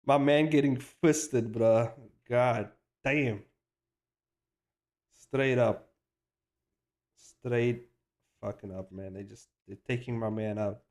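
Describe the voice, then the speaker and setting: Excitable, foul-mouthed man streaming his animation. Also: medium pitch, slow pace, long pauses. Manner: excitable, swears freely, hypes himself up; rambling with frequent restarts and slang. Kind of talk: casual live-stream chat while animating.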